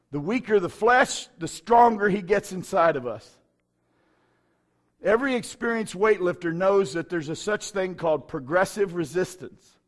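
A middle-aged man, a pastor, preaching a sermon with folksy stories and bursts of fervor. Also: high voice.

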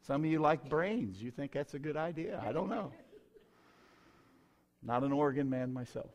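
A middle-aged man, preaching his own testimony in a folksy, emphatic way with sudden loud bursts. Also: on the high side, expressive, normal speed, lo-fi sound. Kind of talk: sermon testimony.

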